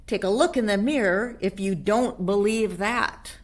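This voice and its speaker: A woman's voice: mid-range voice, measured pace, pitched above the performer's own voice, close to an everyday voice. A woman voicing a fussy mother cat who makes emphatic, theatrical warnings in a storybook reading. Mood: firm.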